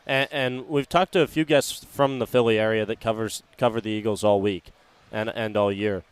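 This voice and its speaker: Smooth-voiced male interviewer. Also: lowish voice, fairly even intonation. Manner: halting, restarts questions. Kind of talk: casual radio row interview.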